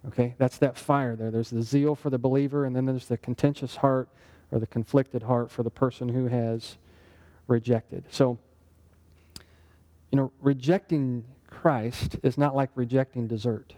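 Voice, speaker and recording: A man with a mellow, relaxed voice leads a Bible study. He talks in an easy conversational way and keeps checking in with his listeners with quick questions. It sounds like a casual teaching session rather than a formal sermon. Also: medium pitch. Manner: conversational, asks the group questions. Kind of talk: interactive sermon.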